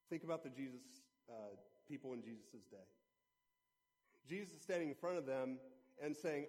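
A man's voice: medium pitch, a little fast, a little mellow. Earnest man preaching in a reverberant hall. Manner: earnest, conversational storytelling. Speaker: pastor. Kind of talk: sermon.

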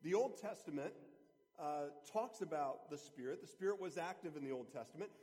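Male pastor, earnest conversational sermon, voice a touch high, big-hall reverb. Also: animated, brisk, a little mellow.

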